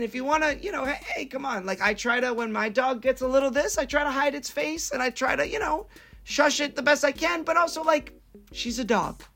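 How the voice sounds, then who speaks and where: Gravelly man ranting on a podcast. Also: very high-pitched. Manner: animated ranting, emphatic. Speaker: podcast co-host. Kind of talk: casual podcast chat.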